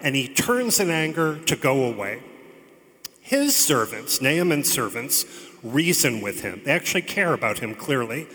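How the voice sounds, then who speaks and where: A man's voice: mid-range voice, big pitch swings, moderate pace, pushed and bright. A man preaching a sermon, retelling a scripture story in a chatty way with joking asides. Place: church. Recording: long reverb of a large hall.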